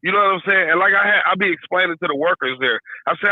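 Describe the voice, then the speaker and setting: Heated guy venting over a phone line, tinny sound, kinda high voice, swears a lot. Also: racing, few pauses, no echo. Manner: heated, venting rant with swearing and repeated "you know what I'm saying". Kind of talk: casual chat. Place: parked car.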